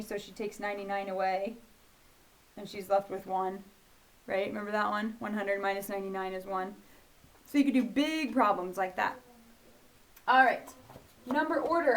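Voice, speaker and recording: A woman's voice: on the high side, slight background noise. A woman teaching young children in a video lesson, patient and often checking in with "okay?" and "right?".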